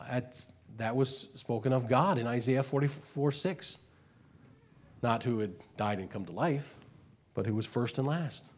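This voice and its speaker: Slow, emphatic preacher man. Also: medium pitch. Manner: emphatic, swings from quiet to loud, slows on key words; repeats phrases for emphasis. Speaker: pastor. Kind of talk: sermon.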